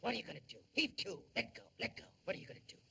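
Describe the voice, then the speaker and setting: A man's voice: sits high, huge pitch swings, rapid-fire, gravelly, bright, forceful tone, a little hiss or hum, heavily acted. A man playing a shrunken, self-pitying showman who mangles big words, in 1930s film comedy acting. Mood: melodramatic.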